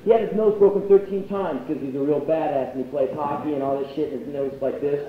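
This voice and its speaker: A man's voice: on the high side, fast, distant mic, slight background noise. A man in his twenties telling a profane, sardonic story on stage in a university hall during a live spoken-word show. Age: 20s. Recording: echoey hall, lo-fi bootleg tape.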